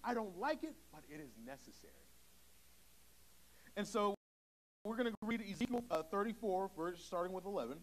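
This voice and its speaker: A man's voice: sits high, normal speed, pauses often, rough recording. A young man preaching a sermon in a church, talking casually and acting out short quoted exchanges. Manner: conversational, acts out little quoted dialogues. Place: church sanctuary.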